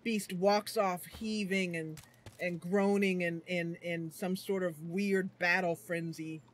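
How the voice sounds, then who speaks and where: A woman hosting a livestream, talking in an excitable, giggly, expressive way as she plays a fantasy game at home. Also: fairly low pitch, slow. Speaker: streamer and host. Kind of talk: livestream gameplay commentary.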